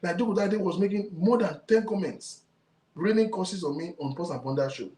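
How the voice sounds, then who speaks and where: A man with a Nigerian accent hosts a talk show, his mellow, high voice moving fairly quickly as he rants emphatically to viewers. Indignant, he repeats himself and mixes Yoruba into his speech, and the recording carries a roomy echo.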